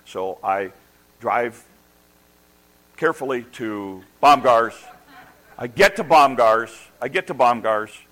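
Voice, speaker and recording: Middle-aged male pastor, mid-pitched voice, animated and self-mocking, tripping over his words as his story builds. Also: slow, long pauses, rough recording. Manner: animated, self-deprecating humor; restarts and repeats words when excited. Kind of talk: storytelling sermon.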